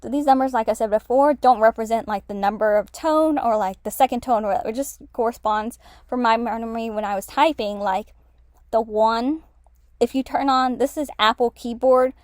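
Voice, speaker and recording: A woman's voice: on the high side, moderate pace, a little mellow, no room sound, studio quality. A woman casually walking through her language-study spreadsheet, rambling with many fillers and self-corrections. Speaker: language learner explaining her notes. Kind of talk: casual screen-share lesson.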